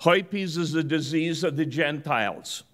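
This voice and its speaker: Man doing a steady old Yiddish husband, deadpan and soothing, with a slightly high voice. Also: a little slow. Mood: reassuring. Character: calm older Jewish husband, reassuring and matter-of-fact. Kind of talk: joke telling.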